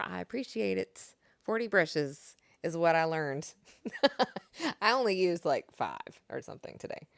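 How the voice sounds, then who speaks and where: A woman's voice: lowish voice, creaky, fairly bright tone, dry recording. A young woman streamer chatting casually with her viewers and reading their messages, laughing often. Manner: chatty, reads and answers chat, laughs often. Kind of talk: casual live-stream chat.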